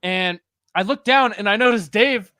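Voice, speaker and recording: At a moderate pace, a high-pitched podcast host relays a lively story in casual chat, imitating the people involved and laughing a lot. The recording has no room sound.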